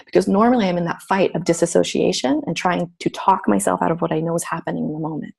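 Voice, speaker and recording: A woman's voice: on the low side, fast, darkish tone. A middle-aged woman telling a personal story in casual talk, acting out her own inner voice. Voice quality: gravelly, husky. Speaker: guest.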